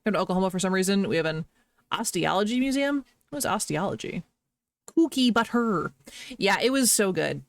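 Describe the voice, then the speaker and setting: A woman talks casually on a live stream, wandering from one thought to the next and gushing whenever something delights her. Her voice sits at an ordinary middle pitch for a woman. The sound is dry and close, with no room echo. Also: quick pace, gravelly. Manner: chatty and rambling, gushing over small pleasures.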